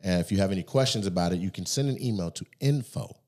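A man hosting a podcast in a studio, giving a laid-back promotional pitch with fillers. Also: quick pace, darkish tone. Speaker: podcast host. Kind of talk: casual chat. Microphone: studio microphone.

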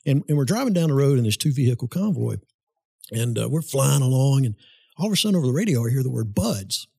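Guest, male, husky voice, dry close mic, animated storyteller. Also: medium pitch, fast talker, no room sound. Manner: animated, laughs through his story. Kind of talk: casual storytelling.

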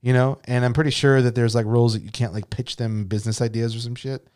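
A man co-hosting a podcast talks in a loose, rambling way, sprinkling in swear words. His voice sits at an ordinary middle pitch for a man. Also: steady tone, quick pace, darkish tone. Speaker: podcast co-host. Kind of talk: casual chat.

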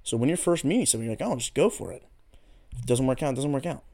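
A man talks on his own in a loose, profane solo podcast and drifts into goofy tangents. His voice sits at an ordinary middle pitch but swings up and down constantly as he talks. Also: expressive, racing, mellow. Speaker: podcast host. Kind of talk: casual solo podcast chat.

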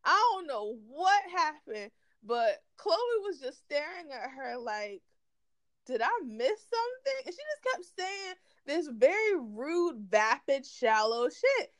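A woman's voice: high voice, very animated, slow pace, few pauses, dry recording. A woman co-hosting a podcast, chatting casually and animatedly about celebrity gossip, swearing freely and laughing often. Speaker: podcast co-host.

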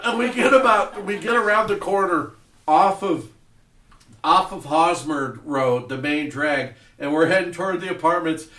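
A man hosting a podcast, telling a profane story in a casual, animated way and acting out voices. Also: a little high, moderate pace, roomy sound, far from the mic. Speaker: podcast host. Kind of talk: casual storytelling over drinks. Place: podcast studio.

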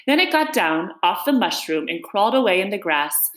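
A woman reading a children's book aloud, expressive and animated, in an echoey room. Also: mid-range voice, moderate pace. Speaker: storyteller.

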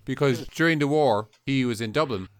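A man's voice: mid-range voice, brisk, clean tone. A man in casual chat, explaining things earnestly and stumbling over words now and then.

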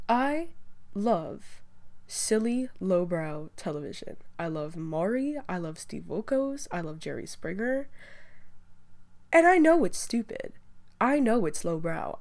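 A young woman with a fairly low, darkish voice hosts a casual solo talk-show podcast. She rambles chattily with plenty of fillers and restarts and sounds a bit stuffy from allergies.

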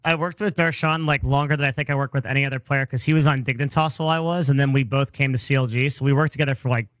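A man's voice: medium pitch, fairly even intonation, racing, fairly bright tone, dry recording. A man chatting casually, laid-back and laughing as he talks. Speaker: esports team staff. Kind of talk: casual chat.

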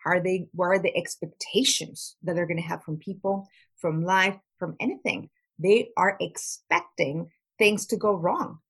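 As an interview guest who works in trauma recovery, this woman talks at normal speed in a lowish, husky voice. Her manner is earnest and conversational, and she tends to repeat words as she hunts for the right phrasing.

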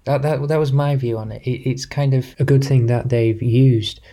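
A man co-hosts a language podcast, giving his opinions in a measured way. His voice is mellow and dark in tone, at a middle pitch. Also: steady tone. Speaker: podcast co-host. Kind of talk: casual discussion.

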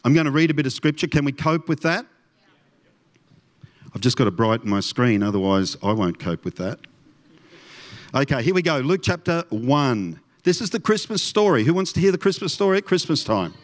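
A man's voice: mid-range voice, big pitch swings, normal speed. A man preaching a sermon in a conversational way, often asking his listeners questions. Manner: conversational, asks the congregation questions. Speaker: pastor.

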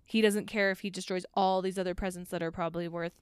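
A woman's voice: fairly low pitch, steady tone, fast, clean tone, no room sound, studio quality. A woman chatting about a TV show in an earnest, rambling way, full of "like". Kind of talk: casual chat about a TV show.

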